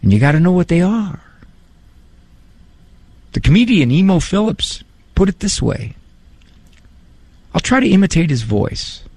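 A male psychologist giving a talk on parenting and faith, animated and joking in a conversational way. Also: sits high, a little slow, pauses often, no echo.

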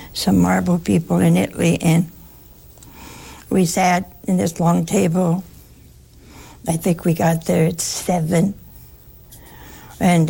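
Gravelly-voiced American woman, chatty storyteller. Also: fairly low pitch. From United States. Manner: storytelling, chatty, animated asides. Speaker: nun giving a talk. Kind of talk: casual spoken talk to an audience.

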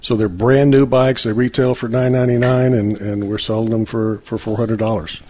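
A man's voice: mid-range voice, steady tone, normal speed, warm tone, a little hiss or hum. A man, a parish volunteer answering radio interview questions with many hesitations.

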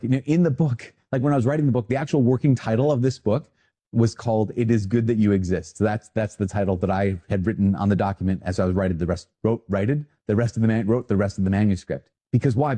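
A man, a priest, talking casually and animatedly to viewers in a video, quick to poke fun at himself. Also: fairly low pitch. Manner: animated, self-deprecating, talks to the viewer.

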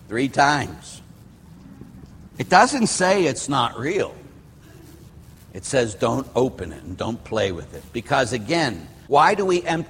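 A middle-aged Catholic priest from Pittsburgh giving a sermon, rambling through personal stories with restarts and asides. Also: male voice, mid-range voice, a bit bright, a little hiss or hum. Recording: hall reverb.

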